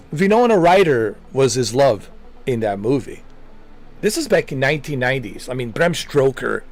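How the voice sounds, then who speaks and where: A man streaming a game, chatting casually and rambling with lots of jokes and laughter. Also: medium pitch. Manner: rambling, joking, laughs often. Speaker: gaming streamer.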